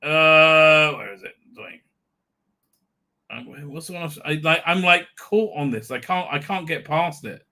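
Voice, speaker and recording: A man's voice: on the high side, measured pace, bright, forceful tone. A man hosting a live stream, swearing and jeering through sarcastic commentary. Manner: crude, mocking, swears a lot, breaks into jeering voices. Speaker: livestream host.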